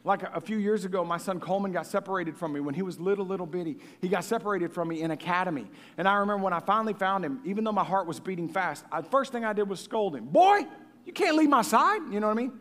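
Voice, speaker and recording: A man preaching a sermon with passion, swinging from hushed tones to booming. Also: racing, hardly any pauses. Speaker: pastor. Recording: long reverb of a large hall.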